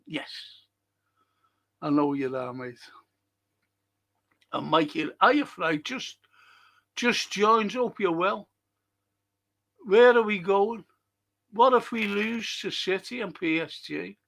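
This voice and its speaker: A man hosts a fan stream, reading viewer comments aloud and answering them bluntly. His voice sits high for a man, gravelly and bright. He talks slowly and swears a lot when he is fed up. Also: expressive. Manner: blunt, exasperated, swears often. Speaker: host of a fan live stream.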